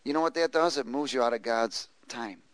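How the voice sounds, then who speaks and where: A man's voice: medium pitch, brisk, smooth, no room sound, rough recording. A man preaching a sermon, reading scripture aloud and prompting the congregation to answer and repeat after him. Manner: reads scripture aloud, prompts congregation with call-and-response questions. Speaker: pastor.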